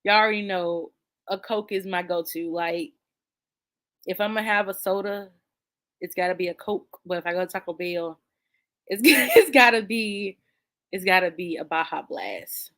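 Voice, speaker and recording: A woman runs a book channel and casually chats with viewers, answering their comments with animated, playful energy, slang, and frequent laughter. Her voice is lowish and her pace moderate.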